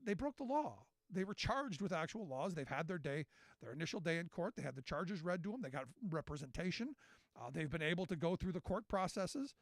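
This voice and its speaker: High-voiced, sarcastic talk radio host. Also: male voice, brisk, no room sound. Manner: sarcastic, animated, indignant. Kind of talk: political commentary monologue.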